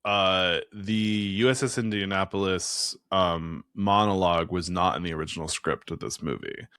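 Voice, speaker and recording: A man with a fairly low voice chats casually as a podcast co-host. His speech is loose and full of fillers, and he laughs easily. The sound is dry and close, with no room echo. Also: normal speed, fairly bright tone, clear, resonant tone. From New England, near Boston. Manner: chatty, laughs often, filler-heavy. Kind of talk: casual chat.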